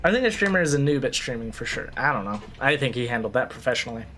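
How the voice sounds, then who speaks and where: A man's voice: medium pitch, quick pace, slight background noise. Ranting male streamer, swears freely. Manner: ranting, animated, swears freely, restarts sentences. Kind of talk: casual livestream chat over gameplay.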